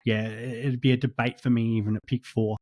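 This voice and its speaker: Flat-voiced Australian man chatting. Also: mid-range voice, fairly quick, dry recording. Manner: hesitant, lots of ums and restarts. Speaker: podcast guest. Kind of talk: casual podcast chat.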